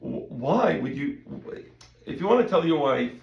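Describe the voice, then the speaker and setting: Gravelly-voiced male rabbi teaching in an echoey room. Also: fairly high pitch, moderate pace. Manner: conversational, repeats words, quotes in animated voices. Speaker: rabbi teaching a Talmud class. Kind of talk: casual Talmud lesson.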